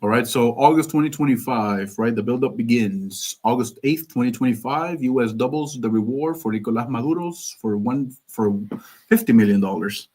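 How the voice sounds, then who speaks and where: A man's voice: mid-range voice, normal speed, a little mellow, husky. Joking male live stream host. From Cuban background. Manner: rambling, joking, reads sources aloud. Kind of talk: casual political commentary.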